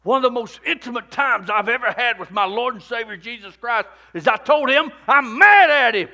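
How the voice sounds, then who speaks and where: A man delivering a sermon in a high-pitched, bright and forceful voice. He preaches in a repetitive cadence. He climbs to shouted peaks and sinks to hushed near-whispers. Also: lively intonation, moderate pace, few pauses. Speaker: pastor.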